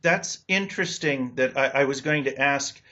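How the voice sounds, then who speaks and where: A man's voice: medium pitch, moderate pace, bright, forceful tone. A man hosting an interview, asking curious, rambling questions in a casual chat. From United States. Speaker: interview host. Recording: dull lo-fi recording.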